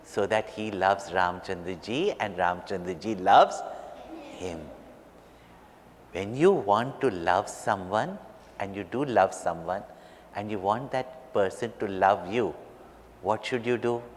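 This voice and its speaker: A man, a spiritual teacher, telling a story to children in an animated way and questioning them. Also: on the low side, slow pace. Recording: reverberant hall, faint noise.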